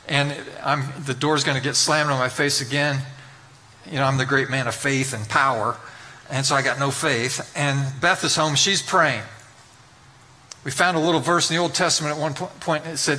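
A man's voice: medium pitch, fairly even intonation, moderate pace, bright, forceful tone. A middle-aged man preaching a sermon as pastor, telling a story with self-deprecating humor and building to emphatic appeals.

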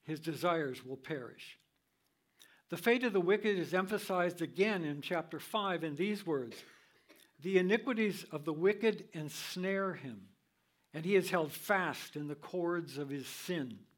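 An older man teaching from the Bible in a sermon style, reading scripture in a measured, deliberate way. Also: on the high side, animated.

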